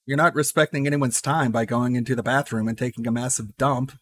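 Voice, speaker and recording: A man's voice: mid-range voice, fairly even intonation, brisk, a bit bright. A man streaming live and reacting to a video with joking, teasing asides.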